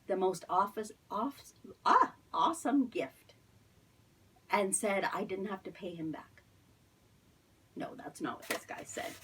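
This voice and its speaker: A middle-aged woman tells a Bible story to children in an online Sunday school lesson, asking them questions as she goes. Her voice is breathy and a little husky. She sits some way back from the microphone, so she sounds distant. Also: medium pitch.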